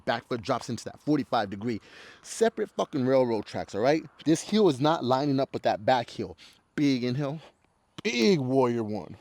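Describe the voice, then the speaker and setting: A man's voice: mid-range voice, darkish tone, no room sound. A man leading a yoga flow, cueing breaths and poses in a laid-back way and swearing constantly. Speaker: yoga instructor. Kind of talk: guided yoga class with profane banter.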